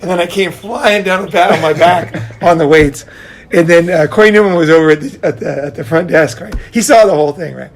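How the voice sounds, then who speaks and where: Animated middle-aged man telling stories. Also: a little high, brisk. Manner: animated, laughing storyteller who swears casually. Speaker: podcast host. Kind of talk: casual conversation, storytelling.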